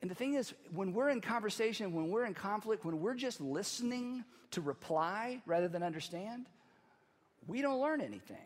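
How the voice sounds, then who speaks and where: Man, pastor, sermon, high voice, animated conversational preaching, reverberant church hall. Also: normal speed.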